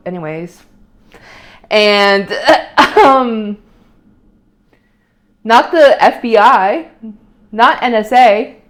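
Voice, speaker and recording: A young adult woman vlogging in casual chat, rambling and opinionated, with many fillers and restarts. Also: a little high.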